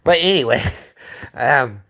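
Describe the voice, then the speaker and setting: Brief: male stream host, profane rambling rant, very animated intonation. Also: mid-range voice, takes it slowly. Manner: profane, rambling, restarts often. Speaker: livestream host. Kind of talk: casual livestream rant.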